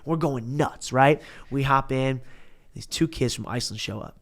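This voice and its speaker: A man in his twenties, a podcast guest, telling a story in a casual, animated, slangy way and acting out what people said. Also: medium pitch, normal speed. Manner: animated, slangy, acts out quotes.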